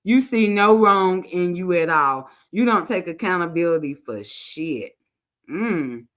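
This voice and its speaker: A woman's voice: fairly low pitch, animated, measured pace, a bit bright. A woman hosting a commentary channel, reading text messages aloud and breaking in with her own casual remarks. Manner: reads texts aloud with side remarks, African American Vernacular English grammar.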